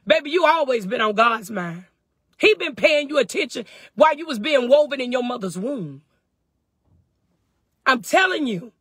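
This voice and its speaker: A woman's voice: a little high, pushed and bright, slightly rough, no room sound, studio quality. A woman fervently on a phone live stream from her parked truck, answering viewers' comments in call-and-response. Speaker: faith and wellness livestream host.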